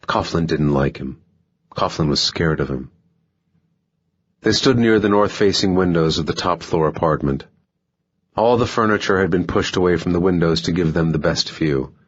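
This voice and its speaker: A man narrating a thriller audiobook in a measured, even way. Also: deep voice, husky, highs cut off. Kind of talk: scripted narration.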